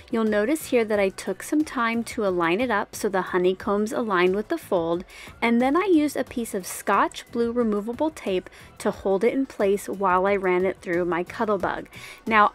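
A woman talks through her handmade cards step by step in a friendly, chatty voice-over at an ordinary mid pitch. Faint music plays quietly behind her. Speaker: card-making channel host. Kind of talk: casual crafting tutorial voice-over.

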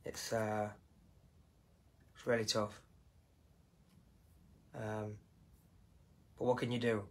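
A man's voice: fairly low pitch, flat delivery, slow. A man from England with an English accent, talking casually and emotionally on a live stream, rambling and repeating himself.

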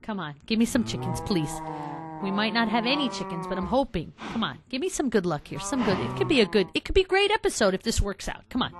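A woman hosting a game let's play, chatting casually to her viewers and getting excited easily. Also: medium pitch, brisk, background noise. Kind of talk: casual gameplay commentary.

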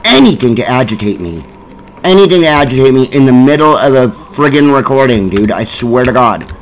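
A man's voice: lively intonation, a little fast, slight background noise, rough recording. Cursing, frustrated man gaming. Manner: frustrated, swearing at the game; yelling in sudden high bursts. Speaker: gaming YouTuber. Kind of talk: gameplay commentary.

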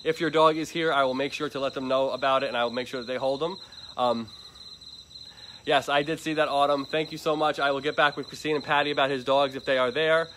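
Crickets and barking dogs surround a Florida man chatting on a nighttime live stream outside an animal shelter he advocates for. Upbeat and repetitive, he talks at a quick pace in a mid-range, fairly bright, steady voice, with a little hiss or hum.

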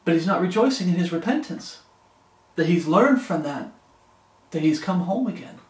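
High-voiced fervent male preacher, echoey room. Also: animated, moderate pace. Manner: fervent, pleading, quotes scripture in old-fashioned wording. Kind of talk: sermon.

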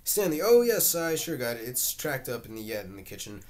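A man's voice: medium pitch, very animated, brisk, darkish tone, natural voice. A man reading the part of a folksy, eager-to-please male waiter who gossips. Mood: chatty.

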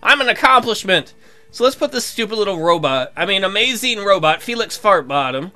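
A man hosting a let's play, giving casual, excitable commentary full of jokes and swearing. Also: sits high, brisk, soft background music. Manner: excitable and jokey, swears freely.

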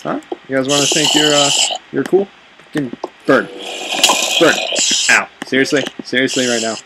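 A young man giving let's play commentary, excitable and swearing, talking back to game characters. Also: medium pitch, moderate pace, very noisy. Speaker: gamer.

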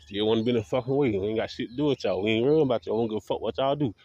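A man's voice: mid-range voice, very fast, darkish tone, lo-fi sound. A man vlogging in a combative, profane ranting monologue, talking defiantly. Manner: combative, defiant, heavy swearing.

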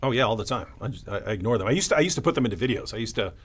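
A man's voice: lowish voice, very fast, husky. A man co-hosting a casual live stream, telling stories with lots of energy and acting out other people's lines. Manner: animated storytelling, mimics opponents. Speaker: co-host.

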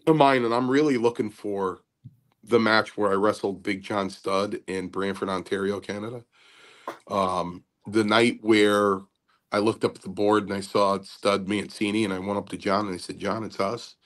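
An older man, a host and former wrestler, talking in a halting, rambling casual way with many fillers and repeats. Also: fairly low pitch, steady tone.

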